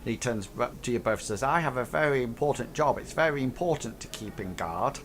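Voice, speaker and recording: A man voicing a dim, fretful male space goblin guard in a plaintive, high-pitched voice. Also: animated, brisk, a bit bright, slight background noise, natural voice.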